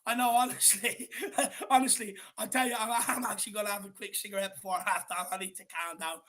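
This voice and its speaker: An Irish man with a high, ringing voice co-hosts a football watch-along. He talks in a loose, excitable way and laughs and swears freely between remarks. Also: a little fast.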